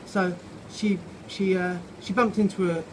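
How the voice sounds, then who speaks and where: A man's voice: high-pitched, fairly even intonation, unhurried. A man reading his own children's story aloud, tipsy and improvising, swearing and laughing as he goes, recorded outside a pub. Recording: loud outdoor background noise.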